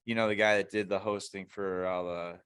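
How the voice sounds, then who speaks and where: A man's voice: low voice, level tone, a little fast, a bit bright, smooth. A man co-hosting a casual podcast, rambling and swearing as he retells TV scenes. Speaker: podcast co-host. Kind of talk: casual chat.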